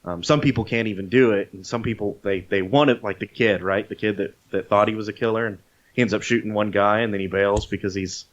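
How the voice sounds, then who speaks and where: A man on a podcast casually retelling a movie scene, animated, swearing freely and acting out the lines. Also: fairly low pitch, fairly quick. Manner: animated storyteller, swears freely, acts out quotes. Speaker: podcast co-host. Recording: dull lo-fi podcast audio.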